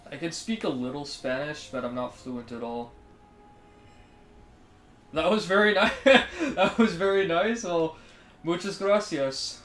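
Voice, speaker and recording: A man's voice: a little high, unhurried, pauses often, fairly bright tone. A man with a Canadian accent, chatting casually on a live stream and answering his viewers in a friendly, easygoing way. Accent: Canadian English. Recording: roomy sound with faint music.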